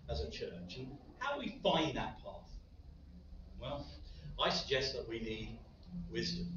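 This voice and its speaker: A man's voice: mid-range voice, slight background noise. A man preaching a sermon in a light-hearted way, with joking asides. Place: large echoey church hall. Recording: very echoey, distant, dull hall recording.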